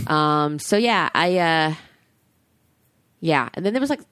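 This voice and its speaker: Woman podcast co-host, lower pitch, dry close sound, effusive fan chatter. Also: slow pace, smooth, no echo. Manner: gushing, animated, swears freely. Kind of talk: casual chat.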